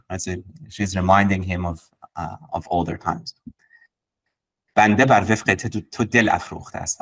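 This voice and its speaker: A low-pitched man explains poetry to a class. He pauses often, repeats himself and reaches for the next phrase. His voice sounds set back from the mic. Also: fairly bright tone, recorded from a distance, rough recording. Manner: halting, with many fillers and repeated words; recites verses in Persian quickly. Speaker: teacher of poetry. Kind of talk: explaining verses in a live class.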